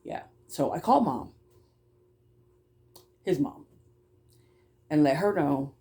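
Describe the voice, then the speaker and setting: Brief: woman childcare provider, low-ish mellow voice, blunt and profane, rushes her words. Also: expressive. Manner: blunt, swears, stumbles over words; talks fast at times. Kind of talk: casual storytelling.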